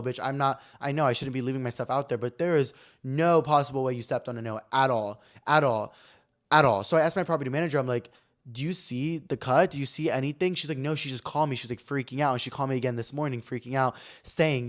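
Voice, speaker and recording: A young man hosting a casual podcast, telling a story animatedly and acting out quoted lines in a high, excited voice. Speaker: podcast host.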